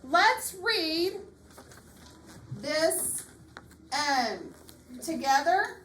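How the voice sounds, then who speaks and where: A woman teacher leading a reading lesson in a classroom, patient and slow, repeating her questions. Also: sits high, very animated, a bit bright. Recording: echoey classroom, far mic, faint hiss.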